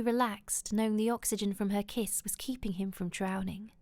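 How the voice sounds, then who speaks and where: A woman reading a romance novel aloud in a soft, intimate, often whispered way. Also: medium pitch, steady tone, normal speed, hardly any pauses, no room sound. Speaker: audiobook reader.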